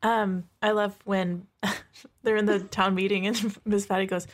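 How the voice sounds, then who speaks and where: A woman joining a podcast chat, giggly and unhurried. She talks slowly, and her voice sits at a mid pitch. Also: little pitch movement, slight background noise. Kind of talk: casual chat.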